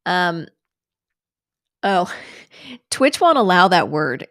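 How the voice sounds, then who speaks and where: A middle-aged woman hosting a casual livestream, sarcastic and animated, swearing freely and dropping to whispers for asides. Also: lowish voice, very slow. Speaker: livestream host. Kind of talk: casual chat.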